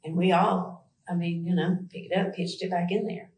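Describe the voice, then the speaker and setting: A woman's voice: lowish voice, little pitch movement, moderate pace, darkish tone, reverberant, a little hiss or hum, low-quality recording. A woman with a Southern US accent, answering questions in a police interview, rambling and hesitant with many fillers.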